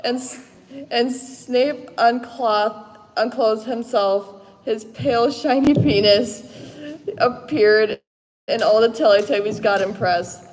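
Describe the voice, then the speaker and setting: A woman reads a fan story aloud on a convention panel, halting and tripping over the words. She speaks slowly, her voice a little high. The sound carries the long ring of an echoey convention hall. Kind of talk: live comedic dramatic reading. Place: convention panel room before a live audience.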